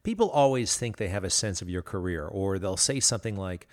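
A man's voice: low voice, lively intonation, fairly quick. A man hosting an interview, rambling and searching for words as he asks a question. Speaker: interview host. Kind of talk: interview conversation.

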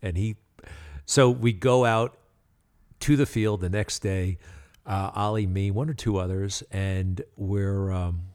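Low-voiced man telling a rambling story. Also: fairly even intonation, darkish tone. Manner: rambling, halting, many fillers and chuckles. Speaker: podcast host. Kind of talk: casual anecdotal storytelling.

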